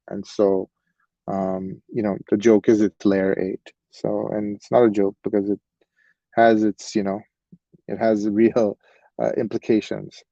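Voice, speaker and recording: A man's voice: on the low side, warm tone, no echo. A man teaching a technical webinar in a casual, rambling way, with many fillers and restarts. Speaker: webinar instructor. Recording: dull lo-fi webinar audio.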